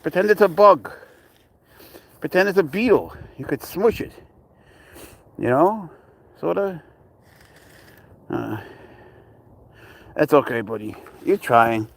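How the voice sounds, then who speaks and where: Lively-pitched man coaxing his pet. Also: slow pace, long pauses. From Spain. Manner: coaxing, playful, cheering. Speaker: pet owner filming his cat. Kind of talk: casual talk to a pet.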